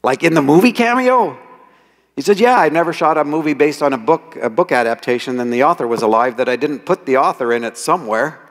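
A man telling lively anecdotes as the author speaking to an audience, quoting people as he goes. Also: mid-range voice, fast talker, hardly any pauses. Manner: animated storyteller, quotes people in voices. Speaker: author giving a talk. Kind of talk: storytelling talk. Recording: reverberant hall.

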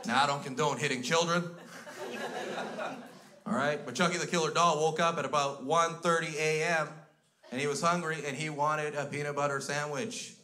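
A man's voice: fairly high pitch, steady tone, normal speed, bright, forceful tone. A Canadian man doing stand-up comedy on stage, telling crude stories in an exasperated tone. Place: comedy stage before a live audience. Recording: live show with audience noise. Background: audience laughter.

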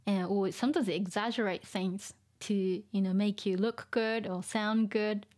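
A woman in a mid-pitched voice leads a casual vocabulary lesson. She talks softly and chattily and switches between Japanese and English. Small laughs and gentle fillers run through her explanations. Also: steady tone, moderate pace. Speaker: Japanese teacher.

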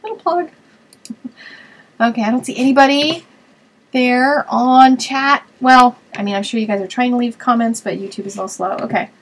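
A woman's voice: on the high side, normal speed, breathy edge, poor audio. Chatty woman thinking aloud while crafting. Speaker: host of a card-making web show. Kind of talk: casual live-stream crafting chat.

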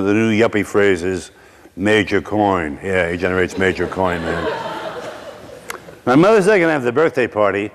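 A middle-aged man from Brooklyn, preaching through a personal story with wry asides and slow dramatic pauses. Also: medium pitch, long reverb tail. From Brooklyn, New York. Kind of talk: sermon storytelling.

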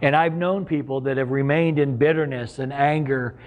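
A man's voice: medium pitch, fairly even intonation, moderate pace. A middle-aged man preaching a sermon as pastor, earnest and conversational, with sudden emphatic rises.

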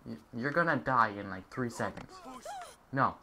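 A man's voice: medium pitch, lively intonation, normal speed, a crowd in the background. A young man giving casual, jokey gameplay commentary and chatting at the game characters. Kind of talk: casual let's-play commentary.

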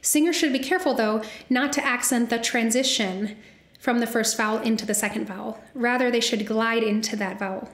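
A woman's voice: a little high, fairly even intonation, fairly quick, reverberant. A young woman, a soprano, giving an academic lecture and carefully spelling out sounds as she explains.

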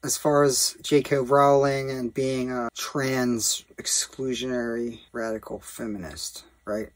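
A man's voice: medium pitch, fairly even intonation, unhurried, dry recording. A man in a casual vlog rant, rambling and profane, with lots of fillers. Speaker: vlogger.

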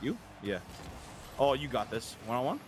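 A young man in casual gaming voice chat, making quick callouts with cocky trash talk and some swearing. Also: medium pitch, sing-song, faint music behind. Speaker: streamer playing a team match.

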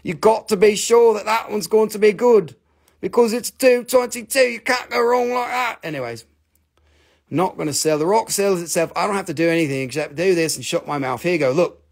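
Male host of a live sale stream: gravelly, fairly high voice, rambling jokester who swears. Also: a little fast. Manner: joking, rambling, swears freely, teases himself. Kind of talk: casual live selling chat.

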